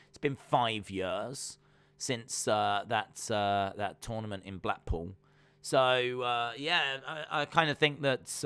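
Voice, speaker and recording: A male live streamer who talks in a loose, rambling way, often pausing on "uh" and "um" and reading out viewer comments. His voice is fairly low but bright and forceful. The sound is close and dry, with almost no room around it. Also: clear, resonant tone, no room sound. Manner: casual and rambling, many fillers, reads viewer comments aloud. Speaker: wrestling stream host. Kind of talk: live reaction stream chat.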